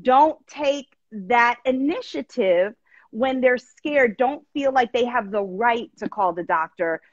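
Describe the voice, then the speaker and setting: A woman hosting an interview talks emphatically and addresses her listeners directly. Her voice sits a touch high, recorded dry and a little dull and lo-fi. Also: lively intonation, slow, no room sound. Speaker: show host.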